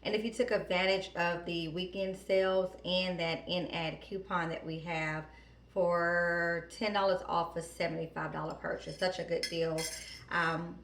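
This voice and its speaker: A woman vlogging in a casual, chatty way, telling stories with fillers and asides. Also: on the low side. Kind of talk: casual chat.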